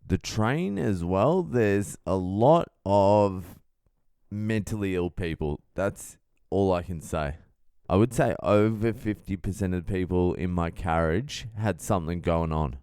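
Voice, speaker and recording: A man's voice: low-pitched, unhurried, dark tone, clean tone, no echo, studio quality. A man, a comedian hosting a casual podcast, telling stories in a blunt, profane, comic way. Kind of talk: casual storytelling monologue.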